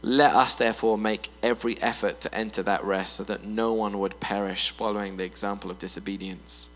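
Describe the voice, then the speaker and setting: A man preaching a sermon in a church hall, animated and playful, often putting on voices for humor. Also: fairly low pitch, fairly quick. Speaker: pastor. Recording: long reverb in a hall with mains hum.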